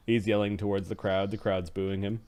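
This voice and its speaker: A man's voice: on the low side, level tone, moderate pace, darkish tone, smooth. A man narrating a tabletop game as game master, talking animatedly with frequent restarts.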